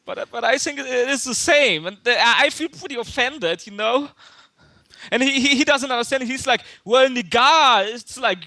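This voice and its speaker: A man's voice: very high voice, moderate pace, pushed and bright, no room sound. A man calling in to a chat show, stammering and repeating his words as he talks. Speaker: caller. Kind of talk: call-in chat.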